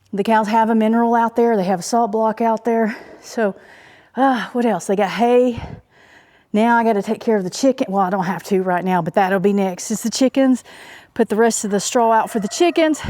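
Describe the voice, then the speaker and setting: This homesteader vlogger from Oklahoma rambles casually through her farm chores outside, a little winded and full of filler words. Her voice is on the high side with a dark tone.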